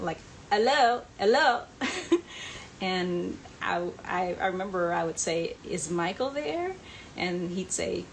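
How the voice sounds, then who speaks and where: A woman's voice: on the low side, slight background noise, rough recording. Chatty woman hosting a fan livestream. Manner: chatty, reads out viewer comments, laughs often. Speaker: livestream host answering fan questions. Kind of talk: casual live chat.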